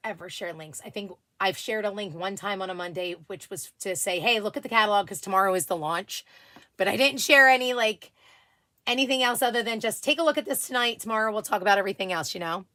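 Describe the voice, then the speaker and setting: A woman's voice: medium pitch, no room sound. A middle-aged woman hosting a casual livestream, chatting and reading viewer comments aloud. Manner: chatty, reads viewer comments aloud, warm thanks and apologies. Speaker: livestream host.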